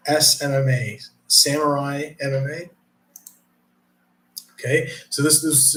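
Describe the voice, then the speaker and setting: A man's voice: medium pitch, a bit bright. A man casually chatting on a live stream, reading chat aloud, with profane, rambling talk. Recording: roomy echo.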